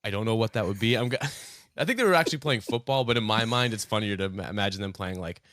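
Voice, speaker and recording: A man's voice: lowish voice, fast, a bit bright, no echo, clean studio sound. A young man hosting a casual podcast, joking, swearing and rambling with lots of fillers. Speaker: podcast host.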